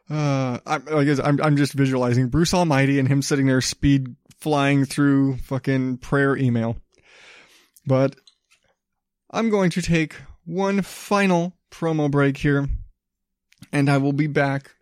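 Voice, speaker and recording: A man's voice: a little high, darkish tone, no echo, clean studio sound. Blunt, profane podcast host man. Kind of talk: casual ranting commentary.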